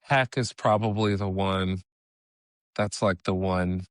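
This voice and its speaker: A man from California, a guest comedian, chatting casually on a podcast with relaxed, hesitant speech and frequent restarts. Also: sits low, slow pace, no room sound, studio quality.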